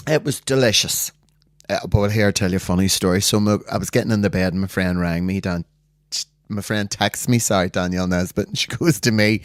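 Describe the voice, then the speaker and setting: A Northern Irish man co-hosting a casual chat podcast, telling lively stories and acting out the voices of people he quotes. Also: deep voice, brisk, no room sound, studio quality. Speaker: podcast co-host.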